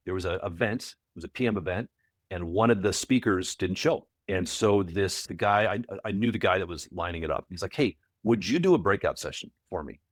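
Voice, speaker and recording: A man who coaches property managers, a podcast guest telling stories in a casual interview, animated and often repeating words as he restarts. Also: low voice, no room sound, clean studio sound. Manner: animated, repeats words, acts out quoted voices.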